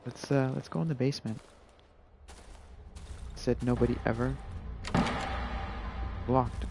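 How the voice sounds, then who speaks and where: A man with a gravelly, creaky voice at a middling pitch, chatting loosely as he plays a game live. He rambles along with plenty of "like" and "you know". Game music plays steadily behind him. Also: steady tone, slow, pauses often. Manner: laid-back and rambling, full of "like" and "you know". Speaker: gaming streamer. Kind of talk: casual live gameplay commentary.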